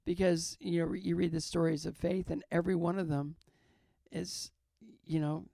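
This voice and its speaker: An older man, a guest in an interview, talking earnestly about faith, halting and repeating his phrases. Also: on the high side, level tone, gravelly, mellow, dry recording, clean studio sound. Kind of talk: reflective faith talk in an interview.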